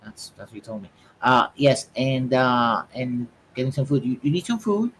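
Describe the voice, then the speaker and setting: A man's voice: medium pitch, sing-song, normal speed, fairly bright tone, slight background noise, pitched above the performer's own voice, poor audio. A man voicing a young, polite and hesitant male rat acolyte in a tabletop game. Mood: flustered polite.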